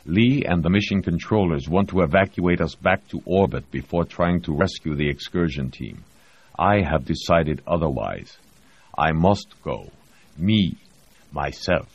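A man's voice: low-pitched, lively intonation, measured pace, husky, heavily acted. A man voicing a stubborn, weakened male cosmonaut commander who speaks in firm, formal, clipped sentences, on a dull lo-fi recording. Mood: resolute.

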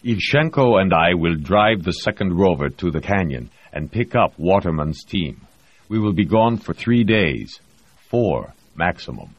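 A man's voice: deep voice, big pitch swings, unhurried, no room sound, exaggerated voice. A man voicing a stubborn, weakened male cosmonaut commander who speaks in firm, formal, clipped sentences, on a dull lo-fi recording. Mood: resolute.

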